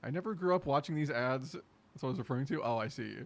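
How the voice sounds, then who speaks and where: A man's voice: mid-range voice, fast, creaky. Laid-back young male streamer. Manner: laid-back, excitable, laughs easily. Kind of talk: casual live-stream chat.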